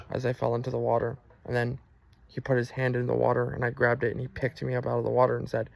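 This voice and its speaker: A man earnestly telling a personal religious testimony, halting often with fillers and restarts. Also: mid-range voice, completely flat delivery, vocal fry.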